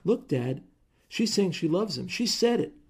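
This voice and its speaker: A man voicing a shrill, tattling young girl. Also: sing-song, unhurried, darkish tone, slightly rough, full character voice. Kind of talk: audiobook character voice.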